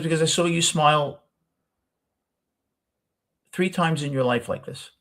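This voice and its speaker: Hosting a casual talk show, an older man with a New York accent rambles through a personal story, correcting himself as he goes. His voice is slightly high and a bit bright, and he speaks unhurriedly.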